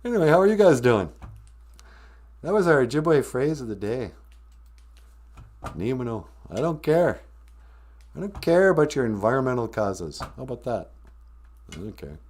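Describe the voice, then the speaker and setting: A man's voice: medium pitch, sing-song, fairly quick, a little mellow. A man hosting a live-stream podcast, rambling through a sarcastic, mock-grumpy comedic rant. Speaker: podcast host.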